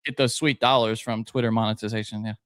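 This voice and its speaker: Fast-talking wry male co-host. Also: fairly low pitch, steady tone, a bit bright, clean tone, no room sound, studio quality. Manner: quick agreeing interjections, wry asides. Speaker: podcast co-host. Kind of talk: casual chat.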